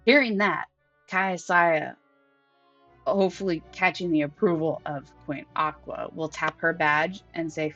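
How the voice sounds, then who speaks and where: A woman's voice: deep voice, steady tone, measured pace, fairly bright tone. A woman playing in a tabletop game, talking casually and animatedly. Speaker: player. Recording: dry dull lo-fi recording with faint music.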